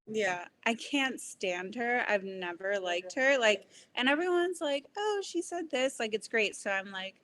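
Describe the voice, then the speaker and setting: A woman's voice: medium pitch, expressive, measured pace, hardly any pauses, a bit bright, poor audio. Laughing woman podcast guest. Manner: laughing, blunt opinions. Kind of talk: casual pop culture chat.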